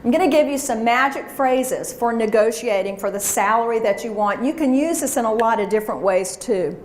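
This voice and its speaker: A woman's voice: a little high, fairly quick, a little mellow. A woman giving a motivational seminar talk, coaching her audience to repeat phrases after her. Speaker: professional speaker. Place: conference room before an audience. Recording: echoey room with faint hiss.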